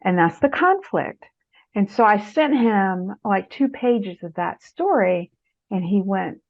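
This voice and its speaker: Animated storytelling woman, muffled recording. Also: mid-range voice, slow pace. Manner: animated storyteller, acts out quotes in a raised voice. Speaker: author and guest speaker. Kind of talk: conversational interview advice. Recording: muffled lo-fi audio.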